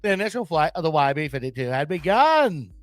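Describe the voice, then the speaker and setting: This is a theatrical old-time newsreel announcer, as a man puts him on, all booming drama with a lively, swooping line. The voice sits a bit high and stays close and dry, with faint music underneath. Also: a little fast, no echo. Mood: grandiose. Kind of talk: mock vintage announcer reading.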